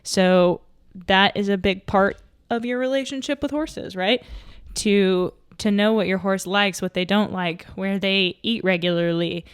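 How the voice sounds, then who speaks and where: A woman's voice: medium pitch, measured pace, hardly any pauses, smooth, no room sound, studio quality. A young woman hosting a solo podcast, chatting and thinking aloud with fillers and restarts, slightly out of breath. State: a little out of breath. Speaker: podcast host. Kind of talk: casual solo podcast talk.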